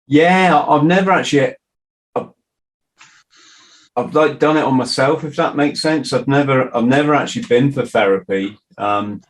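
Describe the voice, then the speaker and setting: Man, podcast host, candid and easygoing, middle pitch, casual chat. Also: moderate pace, rough recording. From Britain.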